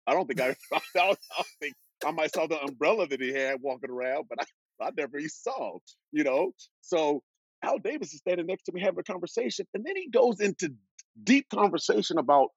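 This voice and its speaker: A man in his fifties from Oregon, a former pro football player, telling stories as a guest in an animated way, laughing as he goes. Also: on the high side, brisk, slightly rough, dry recording. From Oregon, USA. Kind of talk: animated storytelling.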